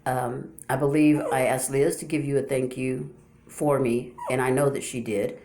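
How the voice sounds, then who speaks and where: A woman's voice: rumbling low, fairly even intonation, normal speed, noisy background. A woman talking straight to her viewers in a casual, unscripted monologue, often restarting her sentences and asking rhetorical questions. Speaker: YouTuber addressing viewers.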